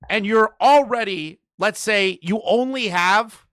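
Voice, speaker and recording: A man hosting a reaction commentary, sarcastic, jumping between loud outbursts and muttered asides. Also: high-pitched, takes it slowly, dry recording, studio quality. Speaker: commentary channel host.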